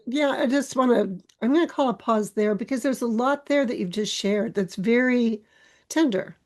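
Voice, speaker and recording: A woman hosting a podcast interview, speaking in a thoughtful, measured way. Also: on the high side. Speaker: podcast host.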